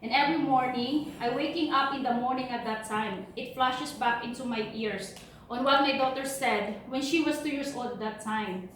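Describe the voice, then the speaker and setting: A woman's voice: high-pitched, moderate pace, fairly bright tone. A woman giving an earnest, heartfelt motivational talk, telling her own story. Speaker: motivational speaker. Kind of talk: personal storytelling speech. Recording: echoey room from far off, faint noise.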